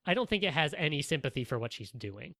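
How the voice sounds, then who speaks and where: A man's voice: on the high side, big pitch swings, fast, sharp tone, dry recording. Podcast guy rambling along, lots of "like" and restarts, dry close sound. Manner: rambling, many fillers and restarts. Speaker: podcast co-host. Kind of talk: casual podcast discussion.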